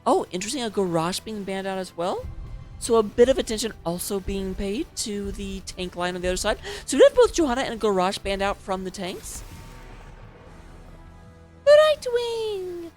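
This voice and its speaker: A woman's voice: medium pitch, animated, brisk, a little mellow, faint music behind. A woman casting a live esports match as its host, chatty and playful, joking between the picks. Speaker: esports caster.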